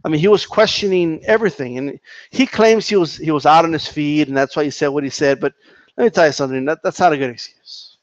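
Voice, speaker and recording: A man's voice: fairly high pitch, fast, no echo, dull audio. A man ranting casually about boxing on a live stream, reading the chat, swearing and repeating himself in heated bursts. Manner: profane, heated, repetitive.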